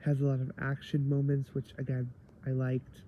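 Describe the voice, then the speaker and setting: A man's voice: mid-range voice, monotone, moderate pace, lo-fi sound, a little hiss or hum. A man giving a rambling casual review of a TV episode, tired late at night and full of fillers.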